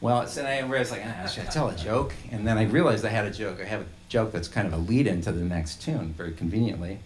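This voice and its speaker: A man's voice: lowish voice, fast. A man, a musician, rambling and laughing as he tells a story between songs at a small intimate live show.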